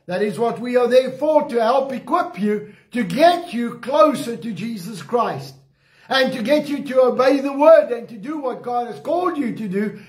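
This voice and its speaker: High-voiced South African pastor, echoey. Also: male voice. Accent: South African, Eastern Cape. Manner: emphatic, slows and stresses key phrases. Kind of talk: sermon with communion.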